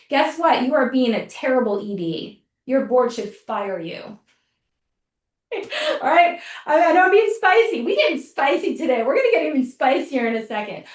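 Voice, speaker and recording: A woman's voice: fairly high pitch, darkish tone. A woman coaching grant writers at a conference, teasing and spirited, laughing often as she talks straight to the audience. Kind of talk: lively conference talk. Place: conference hall. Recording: echoey hall from far off.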